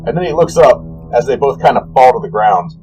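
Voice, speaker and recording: A man narrating a tabletop game as dungeon master, animated and rambling, correcting himself as he goes. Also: medium pitch, a little fast, soft background music, poor audio.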